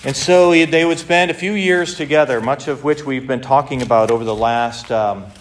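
A man preaching a sermon, retelling a story in a lively way, acting out the quotes, with many restarts. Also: medium pitch, moderate pace. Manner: animated storytelling with frequent restarts and acted-out quotes. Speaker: pastor.

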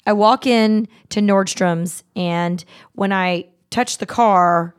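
A middle-aged woman hosting a podcast, telling stories in a blunt, animated way, swearing freely and acting out the people she quotes. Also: mid-range voice, slow pace, clean tone. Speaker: podcast host. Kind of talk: casual storytelling chat.

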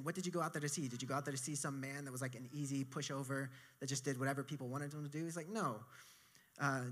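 A man's voice: mid-range voice, a bit bright. Casual-talking male preacher giving a sermon. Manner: casual conversational preaching with asides and self-corrections. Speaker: pastor.

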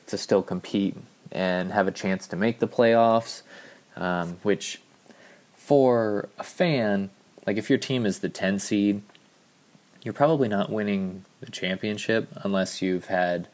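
A man hosting a casual sports podcast, talking in a rambling, offhand way with many ums, a little out of breath. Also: deep voice. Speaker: podcast host.

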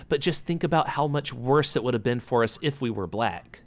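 A man's voice: fairly high pitch, moderate pace, few pauses. A man co-hosting a casual podcast, giving blunt opinions with jokes and casual swearing. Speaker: podcast co-host.

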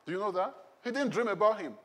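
A man's voice: high-pitched, animated, fast. A male pastor preaching a sermon in a conversational way, often asking the congregation questions.

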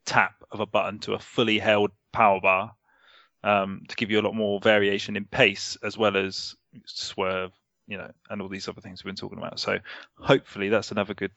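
Gravelly, low guy rambling. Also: flat delivery, brisk, fairly bright tone, no room sound. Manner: rambling, hedges with "kind of", swears casually. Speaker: podcast co-host. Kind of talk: casual podcast chat. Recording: slightly muffled dry recording.

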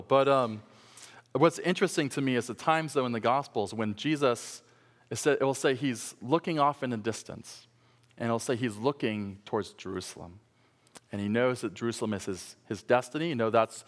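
A man preaching a sermon, telling a story that swings from loud shouts to hushed, quiet passages. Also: fairly high pitch. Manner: storytelling, rising to shouts and dropping to hushed tones. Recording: long hall reverb.

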